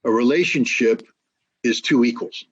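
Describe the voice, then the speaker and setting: A man's voice: mid-range voice, moderate pace, husky, muffled recording. A man telling stories in casual conversation, emphatic, with frequent restarts. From United States. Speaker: guest, former weapons inspector.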